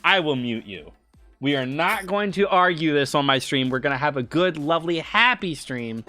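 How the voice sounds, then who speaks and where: A man's voice: a little high, animated, moderate pace, sharp tone, no room sound, soft background music. A man chatting casually on a livestream while running a tabletop game. He rambles, stammers through restarts and keeps getting sidetracked. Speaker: game master and streamer.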